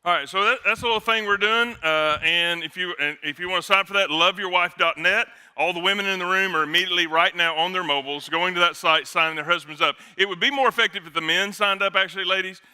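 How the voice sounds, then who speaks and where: A middle-aged man, a pastor, preaching a sermon in a joking, conversational way with quick asides. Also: sits high, pushed and bright, clear, resonant tone.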